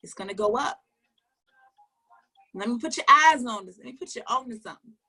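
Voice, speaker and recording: A woman giving an emphatic motivational coaching talk, firing questions at her listeners, repeating key phrases and dropping into low asides. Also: animated, a little fast, bright, forceful tone, slightly rough. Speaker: network marketing coach.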